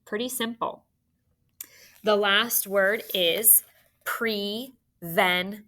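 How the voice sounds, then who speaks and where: A woman teacher walks young students through a phonics spelling lesson. She speaks slowly, pausing to spell out letters one by one. Her voice is bright and forward. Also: medium pitch. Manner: slow, careful dictation, spelling out letters.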